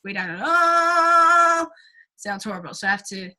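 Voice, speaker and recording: A young woman running a singing workshop is chatty and giggly, sprinkling in ums and likes and quick sung demos. Her mid-range voice races along with a flat delivery and a bright, forceful tone.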